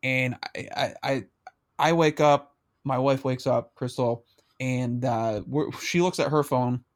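A man's voice: mid-range voice, measured pace. A man in his thirties telling a rambling, profane story in casual chat, often breaking into laughter.

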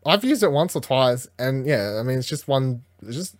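A man's voice: mid-range voice, sing-song, normal speed, no echo. A man co-hosting a casual episode recap, rambling, swearing freely and acting out the characters' lines. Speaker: podcast co-host.

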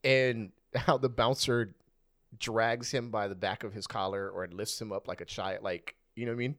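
A man co-hosting a podcast in casual chat, laughing often and telling stories with lively quoted voices. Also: on the low side, moderate pace, no echo, studio quality. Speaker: podcast co-host.

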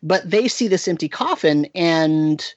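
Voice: mid-range voice, expressive, a little slow, dry recording, muffled recording. A game master recounting a tabletop session in casual chat, rambling with frequent restarts and "right?" tag questions.

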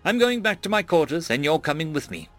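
Guy doing confident alien woman diplomat, firm, no nonsense, slightly higher voice. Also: sing-song, a little fast, fairly bright tone, soft background music. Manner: firm, assured.

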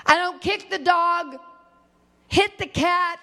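A middle-aged woman preaching a sermon, swinging from loud impassioned cries to hushed, low, tearful tones. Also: takes it slowly, long reverb tail. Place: church sanctuary.

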